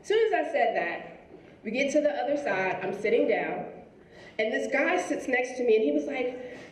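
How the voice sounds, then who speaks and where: A woman giving a motivational speech to students, telling a story in a lively way and acting out the people in it. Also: sits high, moderate pace, slight background noise. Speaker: school principal giving a speech. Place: school auditorium. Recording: echoey hall, from far off.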